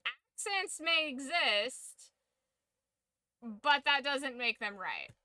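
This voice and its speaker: A woman's voice: high voice, expressive, extremely slow, sharp tone, no room sound. A woman streaming a game, chatting casually with rambling, joking, opinionated asides. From United States. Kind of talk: casual chat while gaming on stream.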